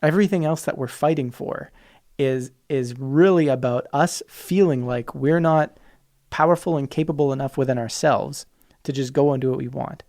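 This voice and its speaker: Gravelly, fervent man podcasting solo. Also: mid-range voice, normal speed, darkish tone. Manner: passionate, emphatic, quotes opposing views in mocking voices. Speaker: podcast host.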